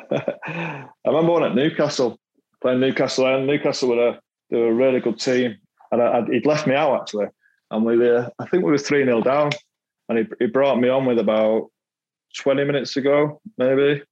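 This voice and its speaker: A man's voice: mid-range voice, moderate pace, darkish tone, lo-fi sound. Laughing Mancunian man telling stories. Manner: self-deprecating, laughs often, repeats words. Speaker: guest, former footballer. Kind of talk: casual storytelling chat.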